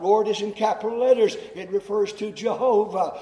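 A man preaching in chapel to students, explaining slowly and deliberately and repeating phrases for emphasis. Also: high voice, dark tone. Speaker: chapel speaker. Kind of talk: sermon to students. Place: chapel hall. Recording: echoey chapel hall.

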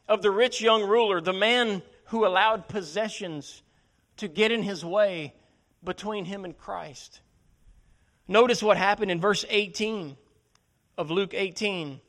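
A man's voice: high voice, a bit bright. A male preacher delivering a sermon, dramatically acting out the lines of Bible characters.

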